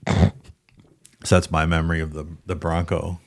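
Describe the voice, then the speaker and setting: A man's voice: very deep voice, flat delivery, moderate pace. A man co-hosting a podcast, telling stories in casual banter, often laughing and swearing. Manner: laughing storyteller, profane. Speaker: podcast co-host.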